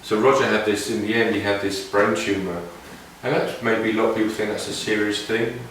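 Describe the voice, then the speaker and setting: A man with a slightly low voice tells a wandering anecdote, stopping and restarting as he reflects. He is recorded from a distance in a very echoey room. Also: steady tone, a little fast, a bit bright, slight background noise. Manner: meandering, reflective, with many restarts. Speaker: didgeridoo player sharing stories. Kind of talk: casual anecdotal storytelling. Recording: very echoey room, mic far off.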